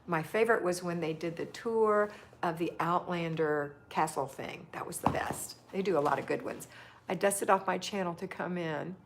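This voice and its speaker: A woman's voice: on the low side, normal speed, noisy background. A woman hosting a casual livestream, chatting affectionately and reading viewer comments aloud. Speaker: livestream host.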